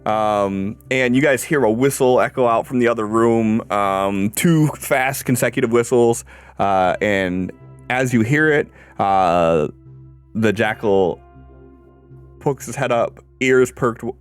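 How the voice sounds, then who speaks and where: A man running a tabletop game as game master, narrating in a halting way full of ums and uhs. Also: medium pitch, smooth, soft background music.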